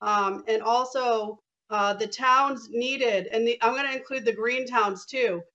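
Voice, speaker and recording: A woman's voice: a little high, a little slow, pushed and bright, highs cut off. A woman speaking as a guest organizer, earnest and a little emotional, who reads out a long list. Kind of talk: live guest remarks.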